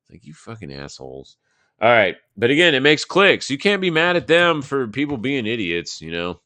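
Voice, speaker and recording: A man's voice: mid-range voice, very animated, normal speed, sharp tone, no room sound. A man in his thirties from Texas hosting a live market show, chatting casually and thinking aloud over charts, loose and profane with plenty of fillers. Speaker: market analysis host.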